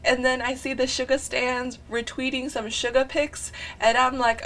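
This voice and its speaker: Young woman gushing about her fave, kinda high voice, rambly, sighing a lot, says like constantly. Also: moderate pace, few pauses. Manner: gushing, excitable fangirling with frequent sighs; rambling and breathless, often saying "like". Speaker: artist narrating a drawing video. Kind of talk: casual chat voice-over.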